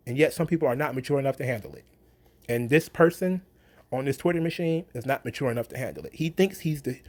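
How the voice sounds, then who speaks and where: A man's voice: fairly high pitch, a little mellow. Blunt, sarcastic man ranting. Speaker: wrestling commentary vlogger. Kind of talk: casual opinion rant.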